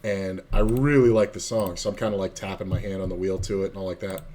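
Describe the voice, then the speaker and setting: While he plays online poker on his stream, this South Florida man casually rambles through a long story thick with swearing and fillers. His voice is deep and mellow with a steady tone, and he speaks quickly.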